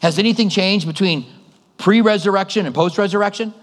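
A man's voice: high voice, a little fast. A middle-aged male pastor preaching a sermon, telling stories and acting out the voices of others. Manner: conversational storytelling with acted-out voices. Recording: long reverb of a large hall.

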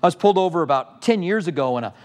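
A man's voice: a little high, animated, rapid-fire, a little mellow. A middle-aged male pastor teaching a sermon with passion, firing off rhetorical questions at the congregation.

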